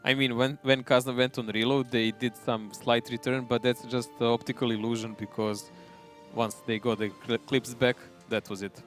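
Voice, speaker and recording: A man giving live analysis of an esports match, relaxed and analytical with frequent chuckles. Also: mid-range voice, normal speed, faint music behind.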